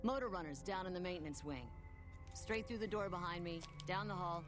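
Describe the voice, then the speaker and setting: A man's voice: high-pitched, a little fast, music in the background, close to an everyday voice. An actor playing a hostile, foul-mouthed male raider guard in a video game, barking curt directions. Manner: aggressive, swearing, then curt directions. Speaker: game character.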